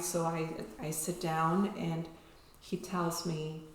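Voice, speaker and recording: A woman's voice: low voice, level tone, slow. A woman telling her personal story as an interview guest, emotional and often ending sentences with "right?". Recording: echoey room.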